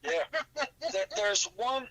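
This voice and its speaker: A man's voice: high-pitched, slow, creaky, over a noisy crowd, low-quality recording. An older man, a podcast guest, telling long rambling stories in casual chat, with restarts and fillers.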